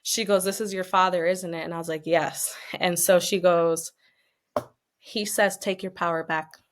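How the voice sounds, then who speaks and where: A young adult woman telling a personal story as a podcast guest, chatty and expressive with many fillers, at times moved to tears. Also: on the low side, normal speed, a little hiss or hum. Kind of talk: casual, emotional storytelling.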